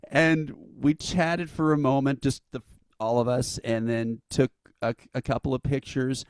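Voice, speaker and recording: At a slow pace and in a smooth voice of medium pitch, an event founder tells a long anecdote as an interview guest, recorded dry. He keeps it casual yet animated, acting out other people's lines with laughs.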